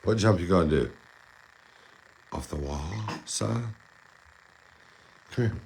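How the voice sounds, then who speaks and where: A man with a low, gravelly voice talks playfully to his pet, coaxing and cheering it on. His voice swings up and down a lot as he encourages it. The home recording carries clear background noise. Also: expressive, slow pace, darkish tone. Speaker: pet monkey owner and channel host. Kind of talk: casual video narration to a pet. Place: indoor home playroom.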